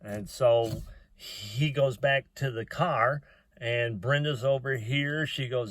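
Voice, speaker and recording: A man's voice: mid-range voice, slow, fairly bright tone, dry recording. A middle-aged man telling a personal story in a rambling, folksy way, with plain talk and lots of "uh" fillers.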